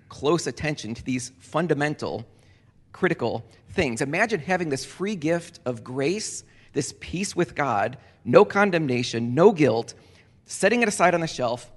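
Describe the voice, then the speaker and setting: Male pastor, communion sermon, earnest and deliberate, slightly high voice, long church reverb. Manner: earnest, deliberate, repeating key phrases for emphasis. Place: church sanctuary.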